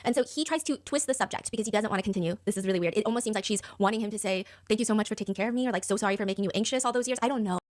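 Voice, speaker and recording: A woman co-hosting a reaction show, chatting quickly as she recaps a reality show and reads out viewer comments. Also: mid-range voice.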